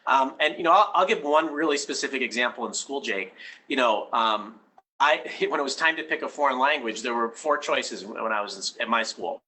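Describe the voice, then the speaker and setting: A male education expert speaking in an interview with a bright, forceful tone. He talks earnestly and off the cuff, often restarts his thoughts and tags "right?" onto his points. He explains his ideas through personal stories. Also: mid-range voice, fairly quick, rough recording. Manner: earnest, many restarts, keeps adding "right?". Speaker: education expert guest, head of a school. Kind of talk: conversational interview answers.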